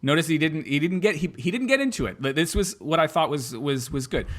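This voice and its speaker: A man's voice: a little high, animated, fairly quick, hardly any pauses, a bit bright. A man co-hosting a podcast, talking casually and anxiously about an election, restarting his sentences and reading quotes aloud. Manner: worried, restarts often, reads quotes aloud. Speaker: podcast co-host. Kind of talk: casual political chat.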